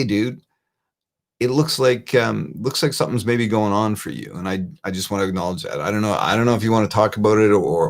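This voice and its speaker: Middle-aged male host, lowish voice, earnest and conversational, repeats key points. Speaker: show host. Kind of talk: live-streamed advice talk.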